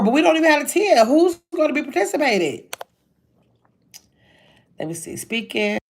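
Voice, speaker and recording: An older woman, chatting casually on a livestream from a hotel room, reading viewer comments and calling them y'all. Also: sits high. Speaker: livestream host.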